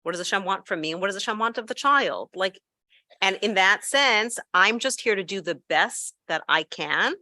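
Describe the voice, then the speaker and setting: Bright, lively woman telling a teaching story. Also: mid-range voice, no room sound. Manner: animated storyteller, quick asides and self-corrections. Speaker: speaker at an educators' gathering. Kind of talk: conversational teaching talk.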